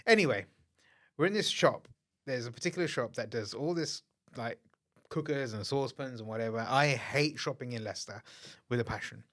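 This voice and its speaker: A man co-hosting a podcast, telling a story in a relaxed, blunt way. He swears freely and keeps the tone chatty. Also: medium pitch, fairly quick. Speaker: podcast co-host. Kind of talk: casual chat.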